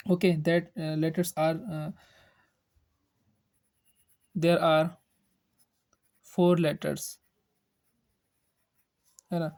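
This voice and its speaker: A woman teaching Quran reading in a recorded lesson, hesitant, pausing with frequent "uh" and repeating each term. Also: low voice, little pitch movement, dark tone. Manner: slow, halting, with frequent "uh" and repeated terms. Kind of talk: recorded lesson explaining Arabic letters.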